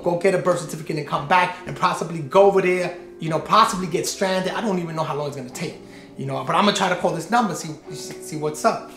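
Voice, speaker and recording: A man's voice: fairly high pitch, a bit bright. Man, casual vlog storytelling, rambling and exasperated, roomy echo, faint music behind. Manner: rambling, exasperated retelling with many restarts. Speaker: vlogger.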